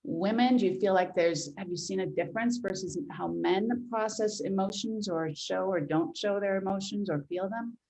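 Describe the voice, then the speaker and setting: Middle-aged woman host, mid-pitched, reflective and personal. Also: moderate pace, few pauses, a little mellow, poor audio. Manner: reflective, personal, many fillers. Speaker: podcast host. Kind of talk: casual interview conversation.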